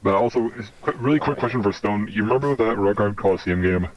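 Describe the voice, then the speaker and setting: A man's voice: lowish voice, fast, dull audio. A man hosting a casual podcast interview, eagerly asking questions packed with filler words. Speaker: podcast host.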